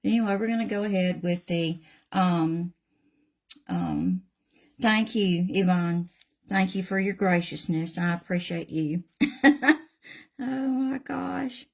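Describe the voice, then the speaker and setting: A woman's voice: lowish voice, a little slow, a little mellow. A middle-aged woman with a Southern US accent, hosting a live craft tutorial and chatting in a folksy way with viewers while she paints. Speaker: craft channel host.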